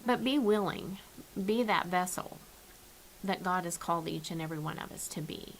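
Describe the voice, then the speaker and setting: A woman speaks with a slightly low voice, sharing a devotional message from her home in an earnest, unpolished way. She often restarts and repeats her words. A faint hiss sits under the recording. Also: moderate pace, rough recording. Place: at home, with her dog nearby.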